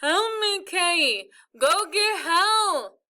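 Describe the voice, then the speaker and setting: A woman's voice: expressive, drawn-out words, sharp tone, recorded from a distance, heavily acted. A woman voicing a panicked young boy who cries and begs for help. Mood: frantic pleading. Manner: high, frantic pleading.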